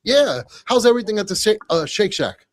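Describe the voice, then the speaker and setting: Effusive New York podcast host. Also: male voice, high-pitched, sing-song, fairly quick, crowd noise. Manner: effusive, exclamatory, chatty. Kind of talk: live podcast chat. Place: studio.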